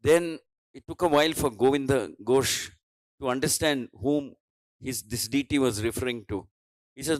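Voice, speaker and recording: A man's voice: medium pitch, normal speed, no room sound, poor audio. A man with an Indian English accent giving a devotional scripture class, telling a story and voicing its dialogue with many restarts and fillers.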